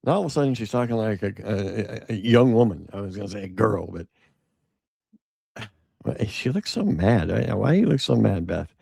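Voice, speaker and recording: A man's voice: fairly low pitch, expressive, normal speed, creaky, darkish tone, breathy edge, dry recording. A male podcast host giving casual commentary, reading an article aloud with sarcastic, rambling asides.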